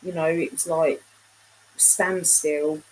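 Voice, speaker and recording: Slow, rambling woman on a livestream. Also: low voice, fairly even intonation, a little mellow, slight background noise, poor audio. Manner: chatty, rambling, trailing off mid-sentence. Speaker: livestream host. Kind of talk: casual live chat with viewers.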